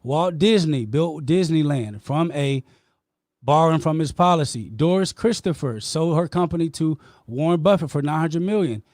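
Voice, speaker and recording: A man's voice: a little high, lively intonation, normal speed, darkish tone, dry recording, studio quality. A man hosting a podcast, talking with passion and emotion as he argues his point with a caller. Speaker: podcast host. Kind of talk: heated debate with a caller.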